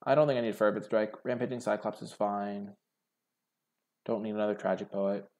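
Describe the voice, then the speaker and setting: A man's voice: lowish voice, steady tone, a little fast, darkish tone. A young man hosting a card game video, thinking aloud over his draft picks in a musing, hesitant way full of filler words.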